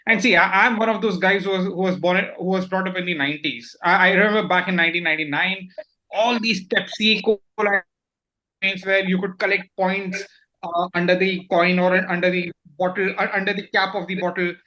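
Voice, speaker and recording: A man's voice: high voice, a little fast, poor audio. A man in his thirties with an Indian English accent, co-hosting a casual chat and often stumbling over his first words. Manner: animated, repeats words when starting sentences. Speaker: podcast co-host.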